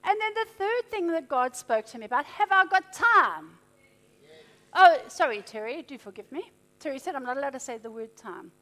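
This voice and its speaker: A middle-aged woman preaching with a very high, bright-toned voice. She delivers emphatic, animated declarations and then falls to soft, intimate passages. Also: normal speed. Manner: animated, emphatic, swings between loud and hushed. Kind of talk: sermon.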